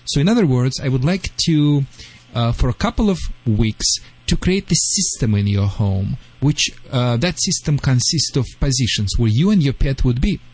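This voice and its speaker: A man with a Russian accent, a dog trainer on a call-in radio show, giving lively advice in slightly broken English. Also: mid-range voice, moderate pace, hardly any pauses, husky, rough recording. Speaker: dog trainer answering callers.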